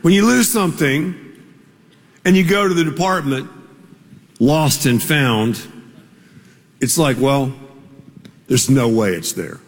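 A man preaching a sermon as a pastor, telling a story in a slow, conversational way with small asides. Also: medium pitch, animated. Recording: long reverb of a large hall.

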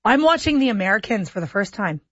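A woman's voice: medium pitch, very animated, husky, dry recording. A woman hosting a radio show, teasing and joking through casual chat and handing over to the weather and traffic. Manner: playful, quick-witted. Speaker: radio host. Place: radio studio. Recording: dull lo-fi radio broadcast.

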